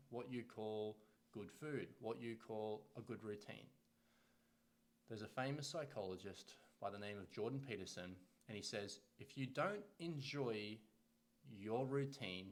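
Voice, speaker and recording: Blunt, profane male coach. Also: medium pitch. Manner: blunt and profane, swears freely; emphatic, repeats phrases for punch. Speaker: health coach. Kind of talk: coaching podcast monologue.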